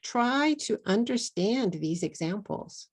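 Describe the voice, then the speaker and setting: A middle-aged woman from Texas with a Texan accent, teaching an online English lesson in a slow, deliberate way and slipping into Japanese at times. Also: mid-range voice, expressive, husky. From Texas, USA.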